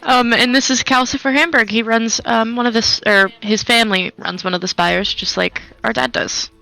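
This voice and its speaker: A woman player in a tabletop role-playing game, speaking in a halting way. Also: a little high, fairly even intonation, vocal fry, pushed and bright, soft background music, poor audio.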